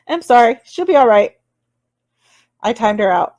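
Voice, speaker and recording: A woman's voice: on the high side, darkish tone, no room sound. A woman hosting a casual livestream chat, rambling and laughing often between apologetic asides. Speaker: livestream host.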